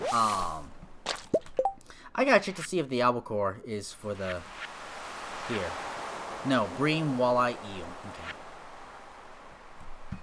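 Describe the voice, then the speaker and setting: Slow, animated man chatting over gameplay. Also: mid-range voice, very noisy. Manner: rambling, joking storyteller with many fillers. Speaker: gaming video host. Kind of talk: casual chat while playing a farming game.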